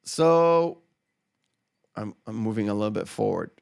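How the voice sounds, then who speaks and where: A man's voice: fairly low pitch, lively intonation, measured pace, gravelly, clean tone, no echo, clean studio sound. A man co-hosting a casual movie podcast, recapping scenes in a rambling way with lots of fillers. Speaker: podcast co-host.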